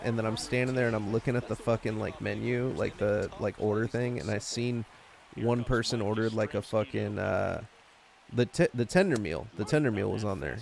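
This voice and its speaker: A young man chats casually on a podcast, and his voice has a gravelly, fry-laden edge. He rambles through a long story, swearing freely and stacking up fillers as he goes. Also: fairly low pitch, darkish tone. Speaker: podcast co-host. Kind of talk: casual profane chat.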